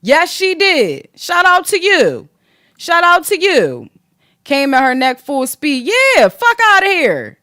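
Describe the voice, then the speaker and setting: Sassy high-voiced woman podcast host. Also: takes it slowly, no echo, studio quality. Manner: sassy, profane, animated gossip. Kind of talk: casual commentary podcast.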